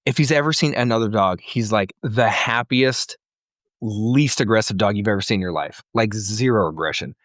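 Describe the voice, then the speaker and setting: A man's voice: fairly low pitch, moderate pace, fairly bright tone, no echo, clean studio sound. A man co-hosting a casual comedy podcast, telling an exasperated story with plenty of swearing. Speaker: podcast co-host.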